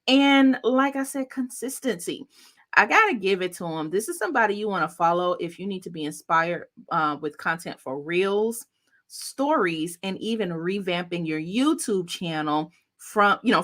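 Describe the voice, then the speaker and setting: A woman's voice: fairly low pitch, fairly bright tone. A woman hosting a casual online livestream, introducing a guest with upbeat, effusive hype. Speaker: host and content coach.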